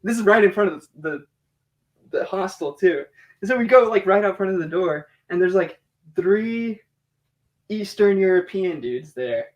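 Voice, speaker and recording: An American man telling a casual story as a podcast guest, animated, laughing often and swearing freely, with lots of filler words. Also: sits high, moderate pace. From United States.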